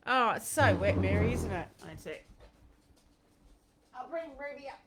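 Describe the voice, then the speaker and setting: A woman's voice: on the high side, wildly swooping pitch, unhurried, creaky, over a noisy crowd. An Australian woman chats casually while hosting a live online Q&A session. Her talk rambles, with frequent fillers and restarted sentences. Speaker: host of a horse-training Q&A livestream. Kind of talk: casual livestream chat.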